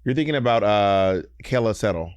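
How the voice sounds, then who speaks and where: A man co-hosting a podcast in casual chat, quick and chatty, often correcting himself mid-sentence. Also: lowish voice, animated, darkish tone, clean tone, no room sound. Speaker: podcast co-host.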